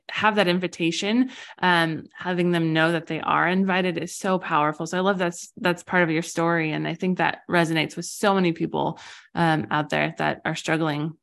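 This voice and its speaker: A woman hosting a faith podcast, speaking in a warm, encouraging way as she affirms her guest. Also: on the low side. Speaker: podcast host. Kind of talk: casual interview chat.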